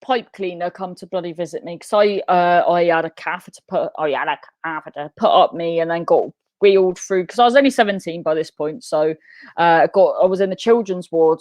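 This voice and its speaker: A woman spins a comic tale about herself, chatty and self-mocking and quick to laugh. Her pitch jumps about as she talks. The sound is dry and close. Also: no echo. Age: 30s. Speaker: guest telling her story. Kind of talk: comic storytelling in conversation.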